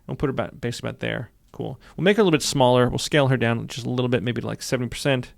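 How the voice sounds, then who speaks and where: A man walks through a software tutorial at a brisk clip, his voice gravelly. He is upbeat and says many lines twice as he clicks along. The sound is dry and close, with no room around it. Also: medium pitch, no room sound. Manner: upbeat, repeats phrases while narrating clicks. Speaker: software instructor. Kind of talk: screen-recorded tutorial.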